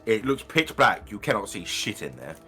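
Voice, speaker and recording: Man, game master, tabletop narration, animated delivery, bright voice, casual swearing. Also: fairly low pitch, normal speed, soft background music. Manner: casual, swearing, frequent fillers.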